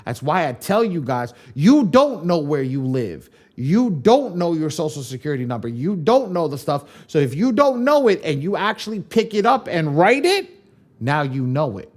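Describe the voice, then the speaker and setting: A man's voice: on the high side, big pitch swings, normal speed, darkish tone. A man leading a live online training class on credit repair, emphatic, repeating his points and swearing casually.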